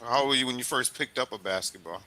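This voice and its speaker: A man's voice: medium pitch, fast, slight background noise, low-quality recording. A man hosting a sports podcast interview in a casual, teasing style. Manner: joking, teasing, animated retelling. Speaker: podcast host.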